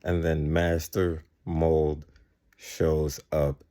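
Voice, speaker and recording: Low, mellow-voiced male reviewer; loose, rambling recap that keeps backtracking to fix details. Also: level tone, very slow. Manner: rambling, often correcting himself mid-sentence; quotes characters in his plain voice. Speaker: TV episode reviewer. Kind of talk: casual episode recap.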